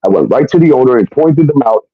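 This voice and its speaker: A man's voice: mid-range voice, animated, fast, no room sound. A man telling a personal story in a casual, rambling way, blunt and full of fillers and swearing. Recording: muffled dry recording.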